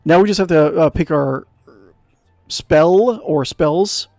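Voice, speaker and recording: A man's voice: a little high, takes it slowly, a little mellow, no room sound, faint music behind. Chatty man streaming a text game. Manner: rambling, chatty, many fillers and restarts. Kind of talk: let's-play commentary, reading game text aloud.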